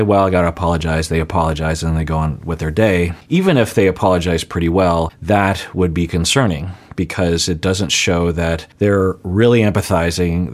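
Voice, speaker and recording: Deep-voiced man analyzing an apology. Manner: analytical, measured, laughs lightly at himself. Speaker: commentator grading apologies. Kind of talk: reaction commentary.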